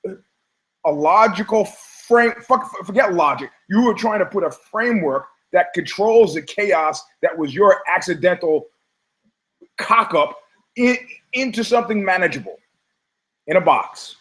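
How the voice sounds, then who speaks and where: A man hosting a talk show, delivering a rambling, emphatic monologue, swearing, stumbling over words and slipping into quick mimicry of other people. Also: high-pitched, a bit bright. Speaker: podcast host. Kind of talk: opinionated monologue.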